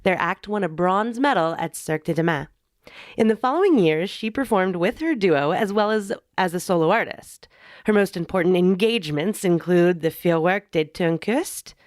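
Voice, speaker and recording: A woman hosting a circus podcast, chatty and playful as she makes her pitch and introduces her guest. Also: animated, normal speed, dry recording, clean studio sound. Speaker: podcast host.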